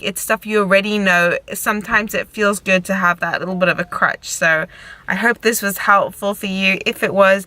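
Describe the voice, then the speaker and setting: A woman's voice: mid-range voice, pushed and bright, dry recording, low-quality recording. Frank, chatty woman vlogging outdoors. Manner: frank, chatty, encouraging, swears casually. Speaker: vlogger and recovery coach. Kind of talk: casual advice vlog. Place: outdoors by a road with passing cars. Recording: faint traffic noise behind.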